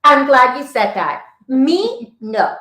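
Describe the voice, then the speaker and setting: A woman chatting as a show co-host, her voice sitting a little high. She tells her stories animatedly and acts out each quoted line, heard in an echoey room. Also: very animated, takes it slowly, pushed and bright. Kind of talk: casual chat.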